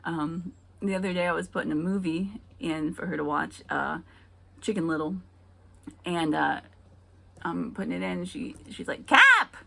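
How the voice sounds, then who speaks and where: Female stand-up comic, low raspy voice with fry, halting delivery with dry punchlines. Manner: hesitant, filler-heavy delivery with dry punchlines. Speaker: stand-up comedian. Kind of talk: stand-up comedy set.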